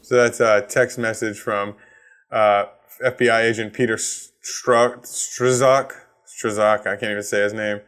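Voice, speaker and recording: A man's voice: fairly low pitch, flat delivery, normal speed, fairly bright tone. Profane ranting Boston man. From Massachusetts. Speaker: podcast host. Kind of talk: solo comedic rant.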